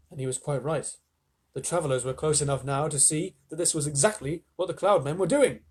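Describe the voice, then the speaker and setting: A man reading a children's storybook aloud to live listeners, animated, with chatty asides. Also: fairly high pitch, fairly quick, breathy edge.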